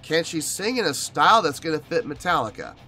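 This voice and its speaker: A man's voice: fairly high pitch, very animated, a little fast, pushed and bright. A man hosting a music reaction video, talking earnestly and with emotion in a casual commentary style.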